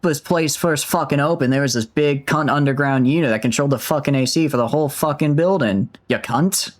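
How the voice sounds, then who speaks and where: A man voicing a foul-mouthed, gruff male game character in an exaggerated mock Australian accent, swearing constantly. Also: fairly high pitch, brisk, natural voice.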